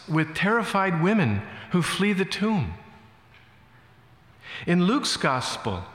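A man preaching a sermon as a pastor, telling a story in a relaxed, conversational way with many fillers. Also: on the high side. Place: church. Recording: echoey church hall.

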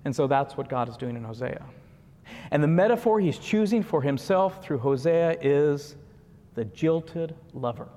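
A man's voice: on the high side, animated, normal speed, mellow. A man giving a conversational sermon, with frequent asides and chuckles. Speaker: preacher. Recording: long reverb of a large hall.

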